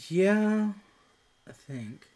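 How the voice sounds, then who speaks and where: Lively-pitched podcast co-host. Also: extremely slow. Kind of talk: casual film review chat.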